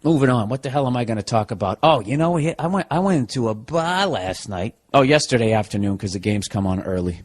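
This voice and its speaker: Alone on his podcast, a man speaks at medium pitch, animated and brisk with few pauses. His comedic monologue is an exasperated, sarcastic rant laced with profanity.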